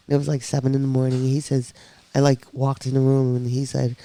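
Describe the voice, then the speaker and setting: A woman on a podcast telling her own story in a casual, lively way, acting out the voices of people she quotes. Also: rumbling low, fairly quick, no room sound.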